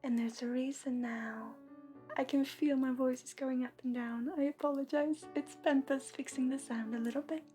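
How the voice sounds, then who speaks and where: A woman with a Swedish accent hosting a livestream as an intuitive reader, talking softly and often half-whispering, affectionate with viewers. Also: sits high, fairly even intonation, a little fast, hardly any pauses, faint music behind. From Sweden.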